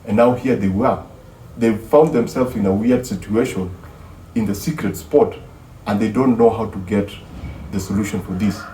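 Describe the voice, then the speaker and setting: Man retelling a film plot, mellow voice. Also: fairly low pitch, normal speed, slight background noise. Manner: animated storyteller who acts out the dialogue. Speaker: film reviewer. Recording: roomy, distant mic, faint ambience.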